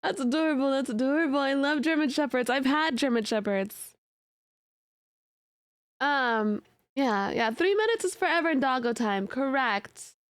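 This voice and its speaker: A young woman streamer chats casually with her viewers, playful and prone to mock outrage. Her voice sits high, and the sound is dry and close, with no room echo. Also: animated, unhurried, long pauses, clean tone. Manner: chatty and playful, with bursts of laughter and mock outrage; many fillers and restarts. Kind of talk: casual chat reacting to live chat.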